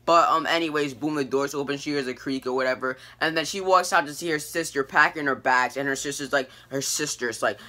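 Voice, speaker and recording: A man's voice: medium pitch, fairly quick, bright, forceful tone. A teenage boy casually recapping and reviewing a TV episode, rambling with many fillers and restarts. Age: teens. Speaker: TV review vlogger.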